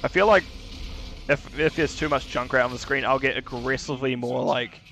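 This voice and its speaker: A man with a New Zealand accent giving fast, casual play-by-play commentary on a live esports match. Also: mid-range voice, steady tone, gravelly, sharp tone. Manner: rapid play-by-play, casual asides. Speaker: esports caster.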